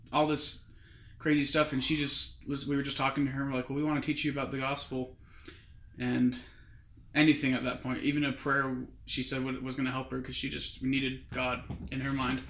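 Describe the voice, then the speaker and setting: A man's voice: mid-range voice, flat delivery, normal speed, gravelly, a bit bright. A young man casually telling a long story as a guest. He rambles and keeps quoting others with "he's like". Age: young adult. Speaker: guest recounting his mission. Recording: roomy echo.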